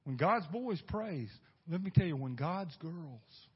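A male pastor preaching a sermon, swinging from loud bursts to hushed asides and asking the congregation rhetorical questions. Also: on the high side, lively intonation, slow pace, husky. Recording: dull lo-fi recording.

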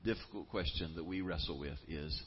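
A man preaching a sermon as a pastor, earnest and emphatic, with dramatic pauses. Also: a bass voice, dull audio, a little hiss or hum.

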